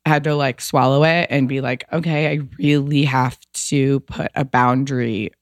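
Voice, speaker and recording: A woman's voice: extremely low pitch, steady tone, moderate pace, dry recording, clean studio sound. Candid woman telling an emotional story. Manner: emotional, frank, swears casually, lots of "like". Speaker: podcast guest.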